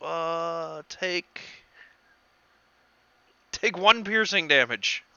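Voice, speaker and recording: A man running a tabletop game as game master, talking in a halting way and laughing easily. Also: fairly high pitch, creaky, bright, forceful tone, clean tone, no echo, highs cut off.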